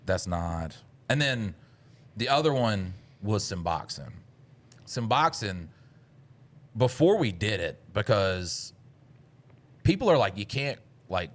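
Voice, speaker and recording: Swearing man telling a wild story. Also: lowish voice. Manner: animated, swings into loud voices when quoting himself; swears a lot. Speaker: podcast co-host. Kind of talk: casual storytelling chat.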